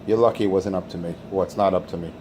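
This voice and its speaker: A man's voice: sits low, fairly even intonation, rapid-fire, darkish tone, slight background noise. A man hosting a crude, taunting radio rant. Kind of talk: insult-heavy radio rant.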